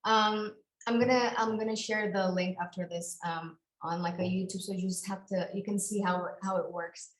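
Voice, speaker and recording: A woman presenting on a video call, answering questions in a friendly, halting way. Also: medium pitch, fairly even intonation. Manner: friendly, hesitant, many fillers. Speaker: webinar presenter. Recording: roomy echo.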